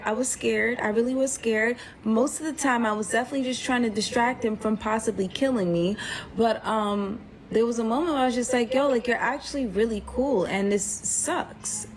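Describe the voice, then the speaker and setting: A woman telling a personal story in a casual, animated way, acting out quotes and saying "like" a lot. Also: a little high, slight background noise. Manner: animated, acts out quotes, frequent "like". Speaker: storyteller guest.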